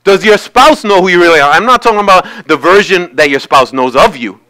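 A man's voice: sits high, expressive, brisk, pushed and bright. A male pastor giving a sermon, talking conversationally and building to emphatic peaks. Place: church sanctuary.

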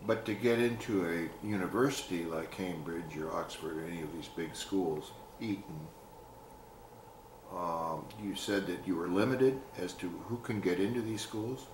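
A man's voice: low-pitched, moderate pace. A man interviewing for an oral history, asking hesitant questions full of fillers. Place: museum room. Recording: roomy with faint hiss.

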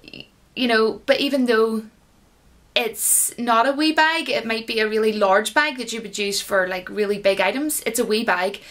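A woman's voice: fairly high pitch, normal speed, a bit bright. Chatty, giggly Irish woman. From Ireland. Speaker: YouTuber. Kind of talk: casual explainer video.

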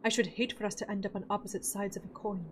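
A woman voicing a stern female druid who speaks in a lowered, measured, solemn way. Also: flat delivery, a little hiss or hum, natural voice. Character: stern female druid warrior, dry and guarded.

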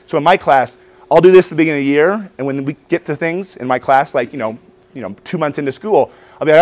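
A man in his forties giving an energetic conference workshop for teachers, acting out his students' voices. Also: fairly high pitch, quick pace. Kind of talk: lively conference talk with demonstrations. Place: conference hall before an audience.

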